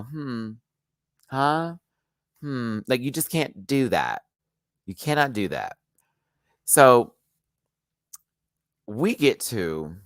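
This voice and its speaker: A man's voice: dry recording, clean studio sound. A man hosting his own channel, telling a story in a casual rant and acting out what people said with big jumps in his voice. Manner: animated, acts out quotes with big pitch jumps. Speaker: YouTube host.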